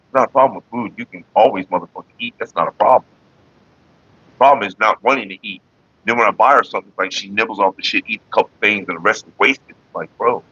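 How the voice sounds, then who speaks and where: A middle-aged man chats bluntly and profanely with his livestream viewers. His voice is bright and forceful, and it sits in a dry, close-sounding space. The recording is a little dull and lo-fi. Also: fairly low pitch, husky, dry recording. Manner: blunt and profane, talks straight to chat. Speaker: livestream host. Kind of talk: casual livestream chat with viewers.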